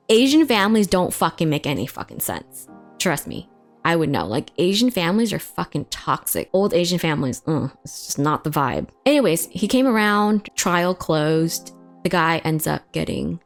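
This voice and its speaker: A woman with a slightly low voice tells her own story to the camera, casual and raw. She swears freely and leans on "like" as she talks. Soft music plays faintly underneath. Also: gravelly. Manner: casual, emotional, full of "like" fillers and swearing. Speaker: vlogger telling a personal story. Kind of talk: candid personal storytelling.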